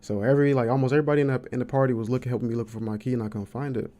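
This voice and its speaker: A man's voice: medium pitch, flat delivery, rapid-fire, warm tone. A young man from the American Midwest hosting a podcast, telling a story in casual chat and acting out quotes with big jumps in his voice. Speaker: podcast host.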